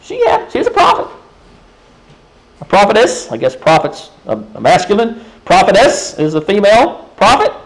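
A man's voice: high voice, huge pitch swings, normal speed, rough recording. A man preaching a sermon in a conversational way, often turning to the congregation with rhetorical questions. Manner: frequent restarts and fillers.

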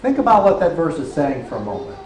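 A man's voice: fairly high pitch, huge pitch swings, quick pace, darkish tone. A man preaching a sermon earnestly, often checking in with his listeners, in a roomy church hall. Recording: roomy hall echo, faint noise.

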